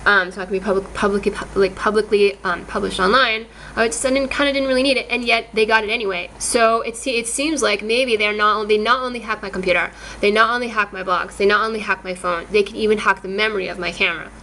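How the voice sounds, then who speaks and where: A woman's voice: mid-range voice, steady tone, quick pace, few pauses, pushed and bright, a little hiss or hum, rough recording. A woman talking to her camera in a casual monologue, agitated, often repeating and restarting her words. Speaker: vlogger.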